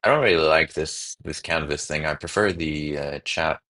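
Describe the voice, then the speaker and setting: A man hosting a casual coding livestream, thinking aloud with sudden excited bursts. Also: extremely low pitch, moderate pace. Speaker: livestream host.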